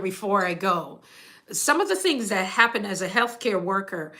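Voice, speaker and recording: A woman's voice: medium pitch, a bit bright. A middle-aged Jamaican woman, a nurse, telling workplace stories in a chatty way, often laughing and quoting people. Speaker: nurse and channel host. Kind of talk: casual storytelling monologue.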